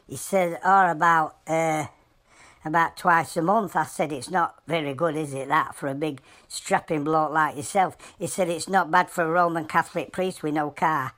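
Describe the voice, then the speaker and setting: A woman voicing a deadpan Yorkshire comedy animal. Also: deep voice, normal speed, dry recording. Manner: deadpan, rambling joke-telling in broad dialect. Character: a blunt animal telling deadpan jokes.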